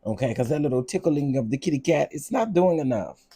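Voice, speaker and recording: A man hosting a casual vlog, ranting in an animated, repetitive, exasperated way. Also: mid-range voice, brisk, breathy edge. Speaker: vlog host.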